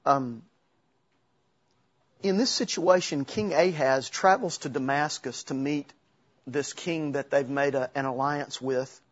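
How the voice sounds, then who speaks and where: A husky-voiced man preaching from the pulpit at a middling pitch, in an easy, conversational way with asides and restarts. The recording sounds a little muffled and dull. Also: slow pace. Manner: conversational, with asides and self-corrections. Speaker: pastor. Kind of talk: sermon.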